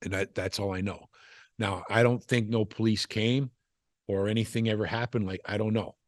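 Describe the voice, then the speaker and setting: In a laid-back storytelling chat, a former wrestler, now an older man, keeps restarting and dropping "you know" as he rambles through his tales. He speaks on the low side at a normal speed with fairly even intonation, captured in a clean studio with no room sound.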